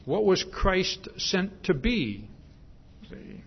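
A man's voice: high-pitched, sing-song, extremely slow, gravelly, breathy edge. A male preacher giving a sermon, emphatic and repetitive, stressing his points with a repeated "see?". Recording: dull lo-fi sermon recording.

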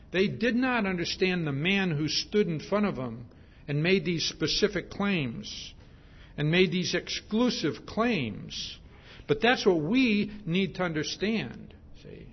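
A man's voice: high-pitched, slightly rough. A male preacher giving a sermon, emphatic and repetitive, stressing his points with a repeated "see?". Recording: dull lo-fi sermon recording.

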